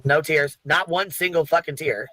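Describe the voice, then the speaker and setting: A man's voice: fairly high pitch, steady tone, moderate pace, pushed and bright, dry recording. A man doing profane reaction commentary over a clip, mocking and swearing with laughing asides.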